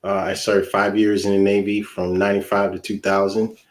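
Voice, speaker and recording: A man in his forties, a guest on a talk show, speaking in a soft, hesitant way with frequent fillers. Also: fairly low pitch, level tone, moderate pace. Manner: soft-spoken and hesitant, with many fillers and restarts. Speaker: guest, Navy veteran and minister. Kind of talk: casual interview talk. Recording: echoey room sound.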